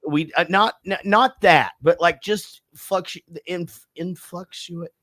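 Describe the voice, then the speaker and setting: A man's voice: high voice, a little slow, fairly bright tone, no room sound. A man co-hosting a livestream, talking in loose, profane, laughing banter. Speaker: podcast co-host.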